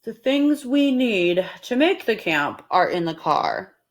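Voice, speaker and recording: A brisk, bossy middle-aged husband, as a woman puts him on in a read-aloud storybook. He gives hearty orders in a slow, lively voice that swings up and down. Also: medium pitch.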